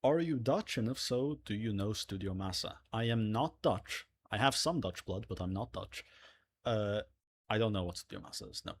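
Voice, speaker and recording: A man's voice: lowish voice, lively intonation, moderate pace, slightly rough. A man hosting a livestream in casual chat, reading donations aloud with joking asides. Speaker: livestream host.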